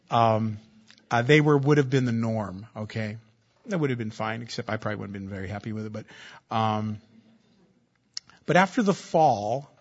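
A man's voice: mid-range voice, husky, highs cut off. A man preaching a sermon as pastor, in a conversational, joking style that repeats key phrases.

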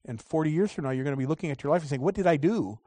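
A man preaching a sermon, moving between loud, drawn-out emphasis and quiet asides. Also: a little high, no echo.

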